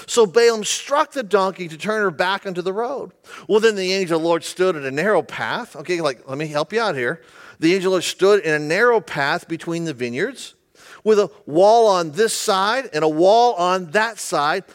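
A man's voice: high-pitched, moderate pace. A male pastor giving a humorous, conversational sermon, often asking the audience questions.

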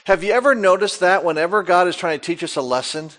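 High-voiced pastor acting out Bible scenes. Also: male voice, fast. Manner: folksy, acts out the Bible quotes, lively asides to the congregation. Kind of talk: sermon with Bible reading.

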